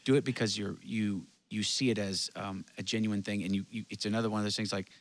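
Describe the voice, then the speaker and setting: A man's voice: fairly low pitch, steady tone, fast talker. A man from Texas, a guest musician, telling personal stories in an earnest, confessional way during casual conversation. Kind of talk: casual chat.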